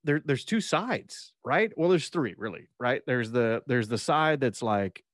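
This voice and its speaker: A man's voice: mid-range voice, expressive, a little slow, dry recording, clean studio sound. A man co-hosting a podcast, chatting casually with frequent swearing and restarts. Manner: profane, rambling, lots of restarts. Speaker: podcast co-host. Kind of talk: casual chat.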